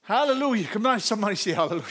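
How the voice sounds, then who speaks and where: A man preaching a sermon to his church, calling out to the congregation, laughing and shouting with exuberance. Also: sits high, expressive, very fast. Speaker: pastor.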